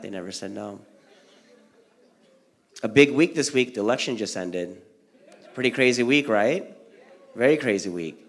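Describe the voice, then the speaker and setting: A man doing a stand-up comedy set at a community event, telling stories and acting out family members with big jumps in his voice. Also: mid-range voice. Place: community center event hall.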